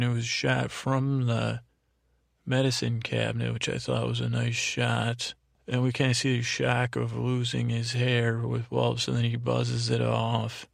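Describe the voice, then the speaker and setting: A man hosting a sleep podcast, slowly recapping a TV episode in a meandering, monotone storytelling manner with frequent restarts. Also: medium pitch, gravelly, dry recording, studio quality. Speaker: podcast host.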